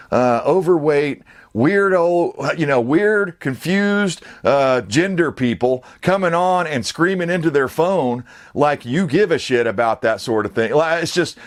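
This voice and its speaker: A man giving a casual, rambling political rant as an online commentator, blunt and profane. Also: a little high.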